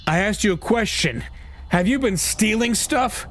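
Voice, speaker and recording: A man voicing a hot-tempered young male gang leader in a game read-through, snarling and yelling threats. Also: high voice, expressive, a little slow, slight background noise, pitched above the performer's own voice. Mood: stern.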